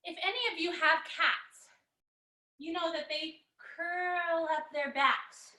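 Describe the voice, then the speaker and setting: Cheerful kids' yoga teacher: a woman with a very high, bright voice and an unhurried, sing-song delivery, recorded in an echoey room. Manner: animated and encouraging, greets children by name; sing-song, drawn-out storybook chanting. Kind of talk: children's yoga lesson.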